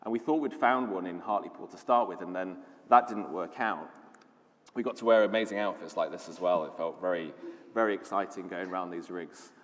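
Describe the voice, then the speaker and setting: Low-voiced british guy giving a conference talk, chatty and keen, reverb from the hall. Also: fairly quick, fairly bright tone. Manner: enthusiastic storytelling, conversational with fillers. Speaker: conference speaker, lead designer.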